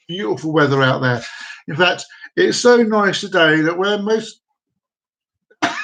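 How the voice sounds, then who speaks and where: Host, male, high-pitched voice, chatty and rambling, cracking corny jokes on a home live stream. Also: fairly bright tone, poor audio. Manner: jokey, rambling, repeats himself. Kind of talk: casual live-stream chat. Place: downstairs room at home with dogs.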